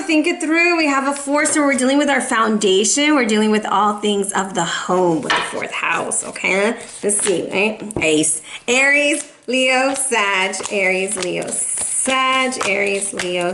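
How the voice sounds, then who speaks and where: A woman's voice: fairly high pitch, a bit bright, slight background noise. A woman giving a casual, playful tarot reading to camera, a little out of breath. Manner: chatty, playful, sassy asides. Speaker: tarot reader.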